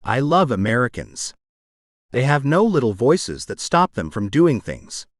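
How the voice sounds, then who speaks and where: A man voicing a tiny, husky, teasing foreign woman. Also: medium pitch, very animated, measured pace, dry recording, clean studio sound. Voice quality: husky rasp.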